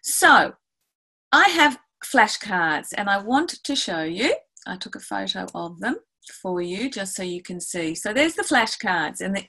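A middle-aged woman teaches music methods in a webinar, with a lively, hands-on manner. She walks through each activity step by step and slips into her classroom exchanges as she goes. Her voice sits at an ordinary middle pitch. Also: low-quality recording. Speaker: music educator presenting a webinar.

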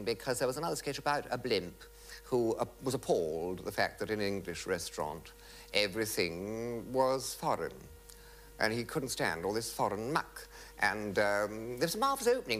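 A man's voice: lowish voice, lively intonation, brisk, fairly bright tone, poor audio. A middle-aged man telling comic anecdotes to a live audience as a raconteur, theatrical, with sudden leaps into mock outrage. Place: television studio before an audience.

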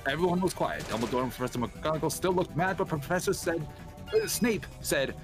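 A man co-hosting a comedic gameplay chat, mockingly reading a story aloud in halting starts. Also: fairly high pitch, lively intonation, over music.

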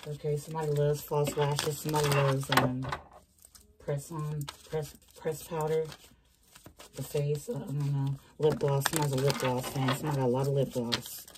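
A woman's voice: sits low, level tone, moderate pace, noisy background. A woman giving a casual, chatty tarot reading from her small bedroom, talking straight to her viewers in slangy terms. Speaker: tarot reader.

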